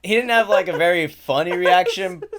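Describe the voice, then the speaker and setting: A young man co-hosting a podcast, telling an animated, profane story full of fillers in casual chat. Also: high voice, moderate pace, a crowd in the background. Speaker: podcast co-host.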